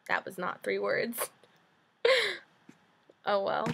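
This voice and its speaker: Woman vlogger: earnest, steady reading of a book passage, then easy casual chat poking fun at herself. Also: medium pitch, takes it slowly, creaky, pauses often. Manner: self-deprecating and chatty.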